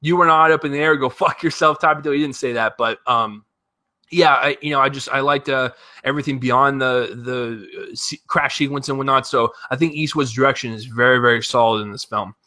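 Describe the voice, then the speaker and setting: A man giving a casual spoken movie review, animated and profane, rambling with lots of fillers and restarts. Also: medium pitch, a little fast. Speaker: film reviewer.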